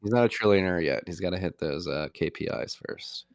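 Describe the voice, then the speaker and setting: A man's voice: sits low, brisk, no echo, studio quality. A man hosting a podcast in casual chat, wry and musing. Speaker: podcast host.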